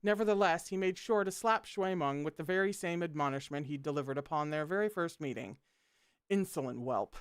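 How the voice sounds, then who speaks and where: A read-along host reads a novel aloud, expressive and breaking off for joking asides. The voice is smooth and clear, mid-pitched, in a dry, close recording. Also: a little fast, hardly any pauses, dry recording.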